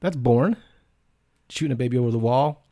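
A man's voice: medium pitch, brisk, mellow. A man co-hosting a podcast who asks crude, absurd follow-up questions and swears casually. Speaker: podcast co-host.

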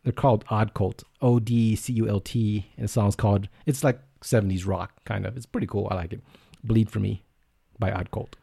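A male podcast host with a lowish voice who rambles through profane anecdotes. He sounds casual and unpolished. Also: fairly even intonation, normal speed, creaky, mellow, slightly rough. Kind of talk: casual chat.

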